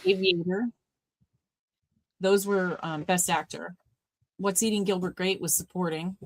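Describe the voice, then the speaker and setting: This livestream co-host, a woman with a low-pitched voice, talks casually through a movie watch party, laughing often and trailing off mid-thought. The sound is clean with no echo.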